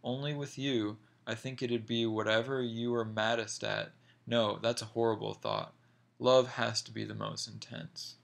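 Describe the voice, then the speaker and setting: A man voicing a soft-spoken young woman. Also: lowish voice, little pitch movement, gravelly. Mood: playful. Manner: soft, quick, apologetic. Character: young woman, tender but evasive.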